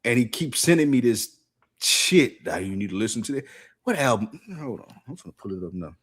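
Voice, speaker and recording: A man's voice: mid-range voice, brisk, breathy edge. A man co-hosting a podcast, telling a story in casual chat, laughing often and acting out other people's lines. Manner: animated storyteller, laughs often, acts out voices. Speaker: podcast co-host.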